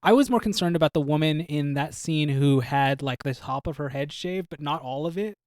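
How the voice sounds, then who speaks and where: A man co-hosting a casual movie review podcast, giving quick, eager opinions. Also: fairly high pitch, darkish tone, no echo, clean studio sound. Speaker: podcast co-host.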